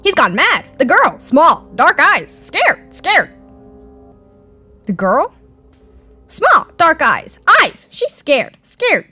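A woman's voice: high voice, huge pitch swings, very slow, pauses often, bright, forceful tone, faint music behind, pitched above the performer's own voice, full character voice. A woman voicing a deranged talking bird with teeth, squawking in short broken phrases and repeating words. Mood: squawking, cryptic. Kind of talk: reading game dialogue aloud.

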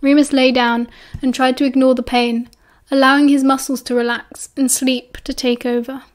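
High-voiced British woman reading aloud. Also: flat delivery, normal speed. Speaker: audiobook narrator. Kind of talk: audiobook narration.

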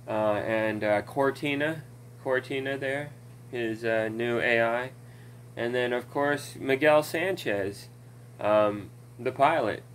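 A man's voice: mid-range voice, slow pace, slight background noise, rough recording. A man ranting casually about a video game, rambling and swearing, with many fillers and laughs, recorded at home on a desk mic. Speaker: gaming commentator.

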